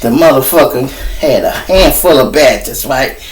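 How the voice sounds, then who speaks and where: Profane storyteller, mid-pitched man. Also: lively intonation, measured pace. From Chicago. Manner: profane, boastful, talks straight to the audience. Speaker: show host. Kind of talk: casual storytelling.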